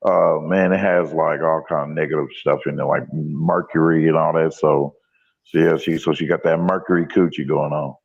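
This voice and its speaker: Casting note: male caller, very deep gravelly voice, rambling, muffled lo-fi audio. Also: fairly even intonation, moderate pace. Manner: rambling, loose. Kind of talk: casual chat. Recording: dull lo-fi line.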